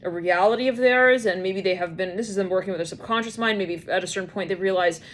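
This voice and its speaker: Woman tarot reader, casual monologue, wanders off, acts out little scenes; mid pitch, faint noise behind. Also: quick pace. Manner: rambling, acts out imagined scenes in quoted voices.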